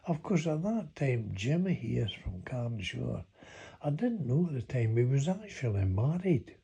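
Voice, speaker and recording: A man's voice: medium pitch, big pitch swings, unhurried, vocal fry, warm tone, slightly rough, highs cut off. An older man with a Scottish accent telling a rambling, folksy story from his past. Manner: rambling, folksy, chuckling as he recalls. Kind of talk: reminiscing monologue.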